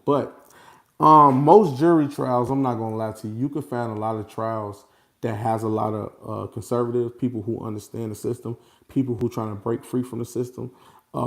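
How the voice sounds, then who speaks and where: A man holds forth to his followers in an unscripted, loose monologue. He repeats himself for emphasis and keeps slipping into laughter. His voice sits at an ordinary middle pitch. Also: creaky. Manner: animated and repetitive, slipping into laughter. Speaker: vlogger addressing his followers.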